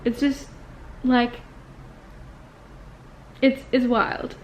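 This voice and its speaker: A woman's voice: sits high, level tone, very slow, a little hiss or hum, poor audio. A woman in her twenties talking to her viewers in a casual confessional vlog, chatty and rambling with lots of "like" fillers. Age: 20s. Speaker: vlogger and acting student.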